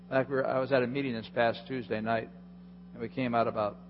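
A man's voice: medium pitch, quick pace, a little hiss or hum. A male pastor preaching a sermon, telling the story with energy and acting out the people in it. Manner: animated storytelling with acted-out voices. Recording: dull lo-fi hall recording.

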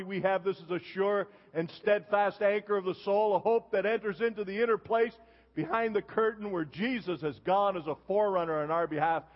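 High-voiced older pastor preaching in a reverberant hall. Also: male voice. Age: 70s. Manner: storytelling preacher, punctuating with "huh?". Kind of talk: sermon. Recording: dull long reverb of a church hall.

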